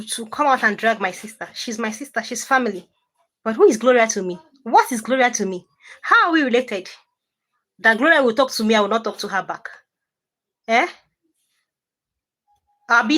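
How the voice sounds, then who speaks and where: A woman hosting a livestream, reading comments and answering with animated, indignant repetition. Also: on the high side. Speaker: livestream host.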